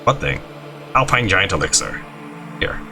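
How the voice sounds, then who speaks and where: With vocal fry and an unhurried delivery, a low-voiced man, a gaming YouTuber, voices a video game's dialogue as he plays. He bounces animatedly between characters and asides over a noisy background.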